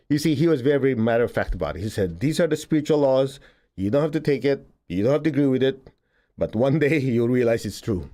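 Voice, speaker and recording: Male spiritual teacher, mellow voice, chatty delivery that acts out quotes. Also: mid-range voice, expressive, fast talker. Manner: conversational, laughs often, acts out quotes. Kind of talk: casual spiritual talk to an audience.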